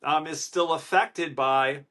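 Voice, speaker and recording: A man from Wisconsin with a Wisconsin accent and a nasal, slightly congested-sounding voice, hosting a motivational podcast from a hotel room in a loud, excited, emphatic way. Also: fairly high pitch, slow pace. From Wisconsin, USA. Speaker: podcast host. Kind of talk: energetic motivational podcast monologue.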